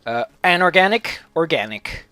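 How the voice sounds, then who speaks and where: A man's voice: on the high side, expressive, normal speed, sharp tone, no room sound, faint music behind. Sarcastic man ranting over gameplay. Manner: sarcastic, mock-villainous ranting with swearing. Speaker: let's play host. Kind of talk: casual gameplay commentary.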